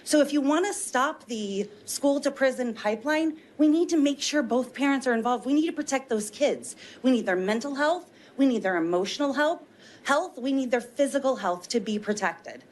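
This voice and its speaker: Woman witness, public testimony, earnest persuasive delivery, a touch high-pitched. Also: lively intonation, normal speed. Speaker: witness testifying at a legislative hearing. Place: legislative hearing room.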